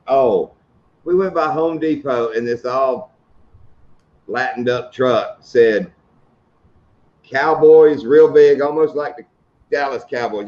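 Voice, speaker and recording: A man's voice: medium pitch, darkish tone. Middle-aged guy shooting the breeze on a fishing stream, joking around, kinda lo-fi sound. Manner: joking storyteller, laughs at his own stories. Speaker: host of a fishing channel live stream. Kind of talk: casual live-stream chat.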